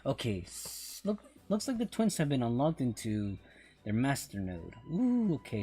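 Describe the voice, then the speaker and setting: A man's voice: mid-range voice, sing-song, normal speed, a little mellow, soft background music. A man streaming a mobile game, rambling through casual commentary and often repeating himself.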